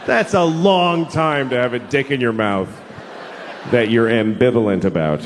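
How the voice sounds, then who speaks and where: A man's voice: mid-range voice, expressive, normal speed, big-room sound. A man doing crude, exasperated stand-up comedy on stage, speaking into a handheld mic. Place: comedy stage before a live audience. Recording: live show with loud audience noise.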